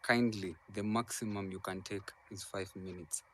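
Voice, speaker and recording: Low-voiced Kenyan man moderating. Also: steady tone, normal speed, a little hiss or hum. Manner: directive, calls speakers in turn. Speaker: host of a live audio room. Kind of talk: moderating a discussion.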